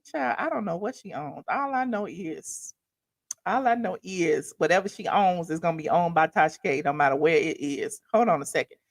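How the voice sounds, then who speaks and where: A woman's voice: lowish voice, lively intonation, moderate pace, creaky. A woman with a Southern accent hosts a live stream. She talks in a chatty, folksy way, calls people "honey", and breaks down legal papers for her viewers as she reads them out. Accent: Southern American. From American South. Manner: folksy, chatty, reads court filings aloud and explains them. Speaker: livestream host. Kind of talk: casual commentary on legal news.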